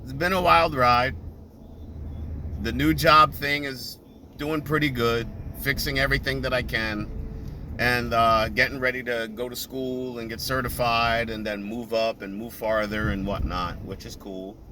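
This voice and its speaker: A man's voice: mid-range voice, steady tone, measured pace. A man chatting casually while driving in traffic, laughing and telling stories with quoted voices. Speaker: vlogger. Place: car in traffic. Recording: car and road noise. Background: traffic noise.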